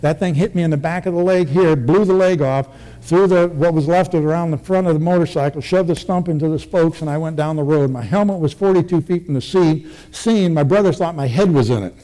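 A man's voice: on the high side, fairly quick, warm tone. An older man, a military veteran, recounting his past in a rambling, vivid oral-history style with many restarts.

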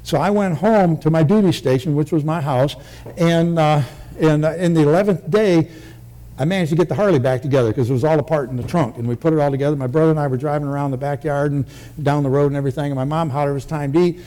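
A man's voice: fairly high pitch, fast, warm tone. Older man telling a rambling story. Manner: rambling and vivid, with many restarts. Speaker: military veteran recounting his past. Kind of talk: oral history storytelling.

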